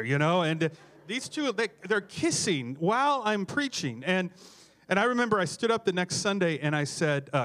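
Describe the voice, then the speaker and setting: Middle-aged male pastor, sermon storyteller, wry and joking, slightly raised pitch. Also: lively intonation, normal speed, a bit bright. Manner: humorous, self-deprecating anecdotes.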